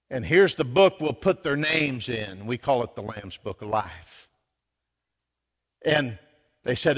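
A man's voice: medium pitch, animated, slow, husky, dull audio. A man preaching a sermon, retelling scripture dramatically and building to fervent emphasis.

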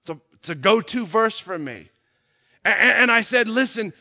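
A man preaching a sermon, telling a story quietly and then building to shouted passages. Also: sits high, expressive, moderate pace, gravelly, in a large hall, lo-fi sound.

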